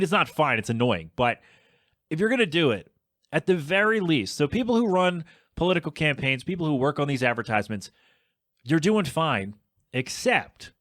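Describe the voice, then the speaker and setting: A man's voice: on the high side, fairly bright tone, no echo, studio quality. A man, hosting a solo podcast, rambling and self-deprecating as he rants. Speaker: podcast host.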